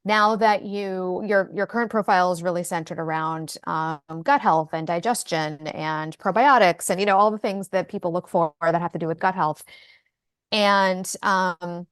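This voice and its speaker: A woman's voice: on the low side, moderate pace, clean tone, no room sound, clean studio sound. A woman co-hosting a casual chat about marketing, talking in a chatty way with lots of fillers and restarts over a video call. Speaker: co-host.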